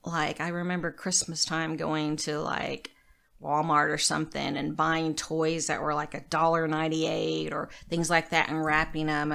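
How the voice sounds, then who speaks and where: A woman's voice: sits low, creaky. A woman in her thirties, a podcast guest, candidly telling a personal story in casual chat and acting out what people said. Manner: candid, lively retelling with quoted dialogue.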